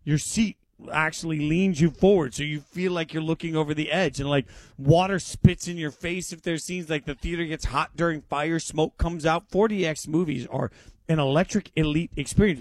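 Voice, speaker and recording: An excitable man in his forties bantering on sports radio, his voice sitting a bit high. He pitches ideas with eager energy into a studio mic. The sound is dry and close. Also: a little fast, no room sound. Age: 40s.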